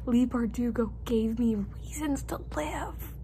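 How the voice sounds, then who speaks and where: A young woman talking in a casual vlog about a book she loves, gushing and excitable, often laughing between sentences. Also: fairly high pitch, slow pace, slight background noise. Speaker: book vlogger.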